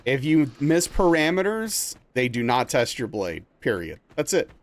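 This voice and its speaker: A young man streaming a game live, telling a rambling story in a casual, animated way with lots of filler words. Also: medium pitch, measured pace, dry recording. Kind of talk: casual chat while playing a game live.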